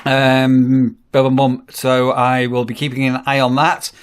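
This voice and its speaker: A man's voice: mid-range voice, completely flat delivery, unhurried, noisy background. A man, a campsite warden chatting casually in a rambling vlog with wry asides. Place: on the move, outdoors and in a car.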